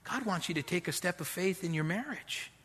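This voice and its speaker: A man's voice: high voice, expressive, a little fast, fairly bright tone, husky. A middle-aged man preaching a sermon as pastor, direct and conversational, with street slang.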